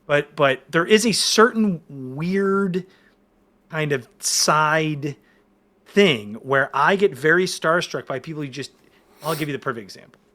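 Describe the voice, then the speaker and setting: Speaking unhurriedly in a slightly high voice, this podcast guest, a man in his forties, rambles through his stories in casual conversation. He's excited and keeps restarting his sentences.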